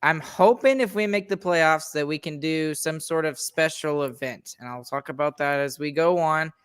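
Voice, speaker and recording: A man's voice: fairly high pitch, moderate pace, fairly bright tone, smooth. A man hosting a sports podcast, talking in an upbeat, chatty way and wrapping up the show. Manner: upbeat, chatty, pleading jokingly. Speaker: podcast host. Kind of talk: casual sports chat.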